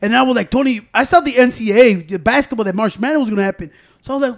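A man's voice: high-pitched, fast, creaky. A man co-hosting a podcast, boastful and joking, swearing heavily in casual chat. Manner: boastful, joking, heavy swearing, loud outbursts. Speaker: podcast co-host. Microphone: podcast microphone.

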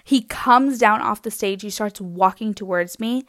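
A young woman telling a comic anecdote in an animated, exaggerated way. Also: medium pitch, unhurried, no room sound, studio quality. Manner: animated, exaggerated, laughing through lines. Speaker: storyteller.

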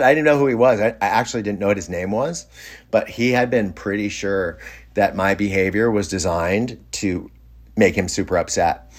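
A man's voice: lowish voice, moderate pace. A middle-aged man telling a personal story in a casual, rambling way, often restarting his sentences and sounding amused. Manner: rambling, self-interrupting, amused. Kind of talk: casual anecdote.

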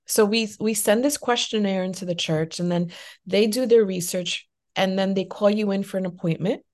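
A woman's voice: medium pitch, a little mellow. A woman hosting a podcast, speaking in a reflective, sincere way. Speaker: podcast host, life coach. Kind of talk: podcast conversation.

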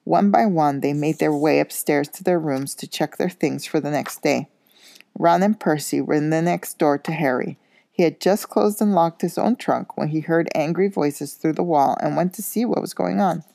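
A woman reading a children's novel aloud in a steady storytelling manner. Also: sits low, moderate pace, creaky, no room sound, clean studio sound. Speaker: reader.

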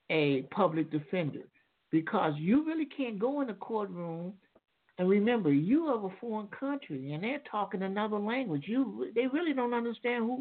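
A man calling in to a radio talk show, explaining at length in a rambling, lecturing way with many restarts. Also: sits high. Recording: tinny phone line.

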